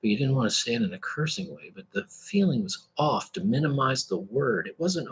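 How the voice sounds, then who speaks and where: A man rambling through a reflective spiritual monologue, halting and restarting, breaking into bits of song and laughter. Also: medium pitch, sing-song, vocal fry, breathy edge. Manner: meandering, halting, with bits of sung lyric and laughter. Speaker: vlogger.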